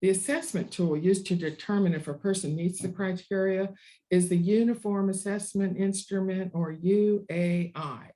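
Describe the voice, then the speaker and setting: Mellow-voiced webinar presenter explaining benefits. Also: mid-range voice, steady tone, rough recording. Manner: measured, explanatory, partly read with some ad-libbed asides. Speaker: disability advocacy presenter.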